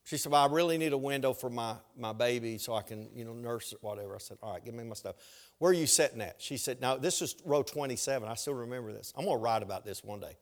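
A man's voice: medium pitch, quick pace. A man preaching a sermon, telling stories with humor and asking the congregation if they follow. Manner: storytelling with humor and asides to the congregation. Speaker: pastor.

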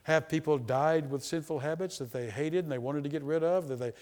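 A man preaching a sermon, emphatic and repetitive, swinging between loud stresses and hushed asides. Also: fairly high pitch, brisk, few pauses, big-room sound.

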